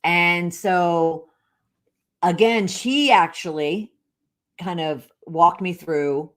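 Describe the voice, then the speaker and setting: A woman's voice: fairly low pitch, very slow. A middle-aged woman hosting a podcast, telling a personal story in a candid, rambling way with many fillers and restarts. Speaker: podcast host.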